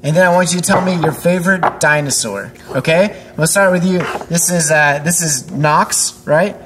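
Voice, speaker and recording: A woman's voice: on the low side, normal speed, a bit bright, a little hiss or hum. Upbeat woman pastor quizzing kids. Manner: upbeat and encouraging, with playful teasing questions; chatty, with frequent fillers and restarts. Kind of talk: interviewing children on a church show.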